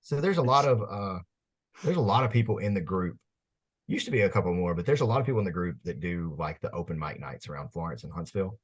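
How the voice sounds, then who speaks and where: Husky-voiced laid-back man. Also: low-pitched, lively intonation, fast. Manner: laid-back, storytelling, laughs often. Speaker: podcast co-host. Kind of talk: casual chat.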